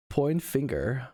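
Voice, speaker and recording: Giggly, swearing streamer with a lively voice. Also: medium pitch, slightly rough, no echo, studio quality. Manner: giggly, swears often, reacts out loud. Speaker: VTuber streamer. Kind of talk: casual live-stream chat.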